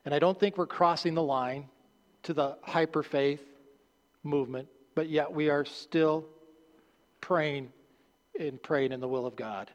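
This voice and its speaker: A male pastor preaching a sermon, earnest and halting, restarting phrases and dropping low at the ends of lines. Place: church sanctuary. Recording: long hall reverb.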